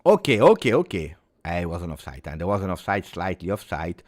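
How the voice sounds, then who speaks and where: A man giving live football reaction commentary, excitable play-by-play mixed with exclamations. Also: sits low, fairly quick. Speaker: football watch-along streamer.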